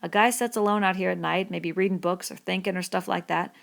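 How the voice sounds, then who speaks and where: A woman reading the part of a bitter, lonely middle-aged male stable hand in a rough rural dialect, in an audiobook. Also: fairly low pitch, fairly even intonation, a little fast.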